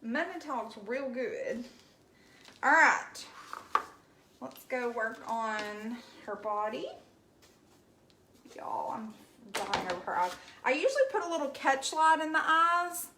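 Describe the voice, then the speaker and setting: A woman's voice: sits high, animated, slow, pauses often, roomy sound, noisy background. A woman from Alabama with a Southern accent, chatting casually on a livestream as she paints and answers viewer comments in a folksy way. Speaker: craft livestream host.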